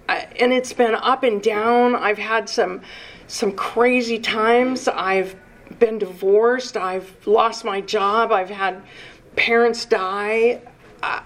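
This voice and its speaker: Slow-talking nervous woman in her sixties. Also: fairly high pitch, steady tone, low-quality recording. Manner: nervous, emotional and halting, with restarts and swearing. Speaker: speaker at a recovery meeting. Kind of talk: personal recovery share.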